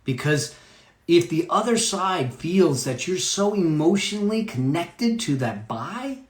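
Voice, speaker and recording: A man's voice: high voice, sing-song, unhurried, roomy sound. A man giving a live motivational talk about money, emphatic, repeating key phrases and checking in with "okay?".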